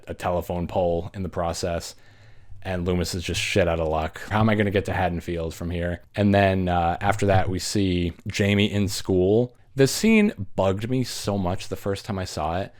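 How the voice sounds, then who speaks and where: Low-voiced dude recapping a horror movie, laughing and cussing, doing little voices for the characters. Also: male voice, darkish tone. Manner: laughing, swearing, acts out characters in quick voices. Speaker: movie reviewer host.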